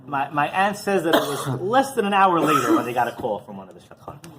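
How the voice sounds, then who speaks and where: Over a noisy crowd, a male rabbi tells stories at a quick, sing-song clip in an informal talk. He keeps asking "right?", drops in "you know," and acts out the people he quotes with big swings in pitch.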